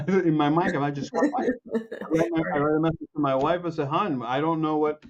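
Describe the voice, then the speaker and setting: A man from Chicago, a composer and guest, telling anecdotes with lively acted-out quotes, many restarts and laughs. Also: a little high, fairly quick, lo-fi sound. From Chicago, USA. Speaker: music producer and film composer, guest. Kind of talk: animated anecdotal storytelling.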